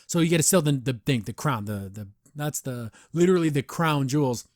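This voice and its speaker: A man hosting a podcast, reviewing a cartoon episode in an animated, excitable way with many restarts. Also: mid-range voice, a little fast, dry recording, studio quality. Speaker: podcast host. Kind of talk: casual episode review chat.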